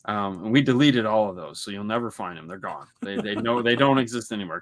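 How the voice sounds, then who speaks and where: A man's voice: on the low side, a little fast, few pauses. A man co-hosting a podcast in casual, rambling chat, often acting out little quotes in voices. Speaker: podcast co-host.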